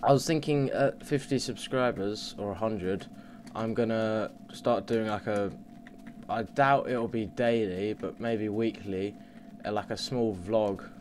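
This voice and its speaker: A young man commentating on his game at home, muttering and swearing, with sudden loud yells. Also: on the low side, fairly even intonation, a little slow, slight background noise. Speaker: let's play gamer. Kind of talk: casual gameplay commentary. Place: home computer desk. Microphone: desk mic under the monitor.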